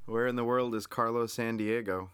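A man co-hosting a casual podcast and cracking quick jokes. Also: medium pitch, fairly even intonation, a bit bright, clear, resonant tone. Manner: joking quips. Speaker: podcast co-host.

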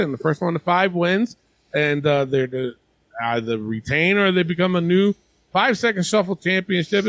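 Male podcast host, animated pitch, dry close sound, loose profane banter. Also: gravelly, dry recording. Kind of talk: casual chat.

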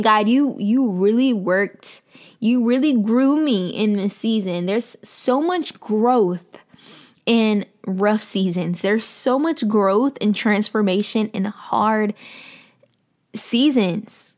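Fervent woman in a hushed prayerful voice. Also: medium pitch. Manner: fervent, heartfelt, with casual fillers; drops to a hushed near-whisper in prayer. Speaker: faith podcast host. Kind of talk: devotional talk and prayer.

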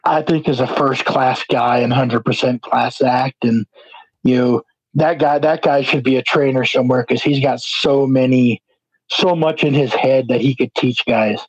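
A man's voice: medium pitch, steady tone, normal speed, slightly rough, no room sound. A man from New Jersey, an independent wrestler, chatting casually as an interview guest and rambling with many "you know" fillers. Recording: dull lo-fi, dry sound.

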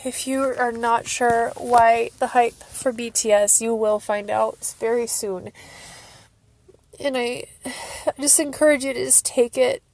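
A woman's voice: fairly high pitch, creaky, darkish tone, no echo. A woman hosting a casual solo podcast, emotional, laughing and crying as she gushes. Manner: emotional, laughing and tearful, gushing. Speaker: podcast host.

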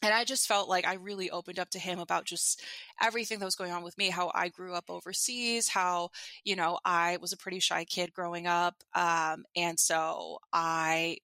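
A woman's voice: fairly low pitch, steady tone, moderate pace, bright, forceful tone, no room sound. A young woman telling a personal dating story in a casual chat, full of fillers like "like" and "you know.". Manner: chatty, uses many fillers like "like" and "you know". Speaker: guest.

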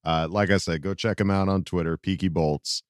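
A man's voice: deep voice, fairly even intonation, normal speed, smooth, no room sound, clean studio sound. A male podcast host in casual fan chat, upbeat and laughing as he reads listener questions.

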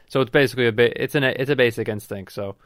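Young male host, mid-pitched, loose rambling comic delivery, dry sound. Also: quick pace, fairly bright tone, dry recording. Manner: rambling, joking, swears freely, many restarts. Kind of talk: casual chat.

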